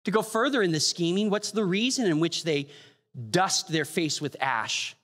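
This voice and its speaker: Guy preaching a sermon, funny little asides, bit high voice, lots of hall echo. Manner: animated storytelling with quick asides and humor. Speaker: pastor. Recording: long hall reverb.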